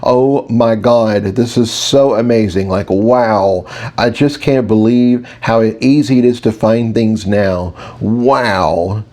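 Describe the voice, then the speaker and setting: A man's voice: fairly low pitch, slow pace, hardly any pauses, a little mellow. A man reading an audiobook, voicing a giddy, gushing young woman. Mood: thrilled. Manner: gushing, breathless.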